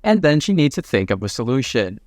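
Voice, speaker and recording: A man narrating a comic recap in a casual, jokey play-by-play with quick asides. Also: mid-range voice, very animated, darkish tone, dry recording, clean studio sound.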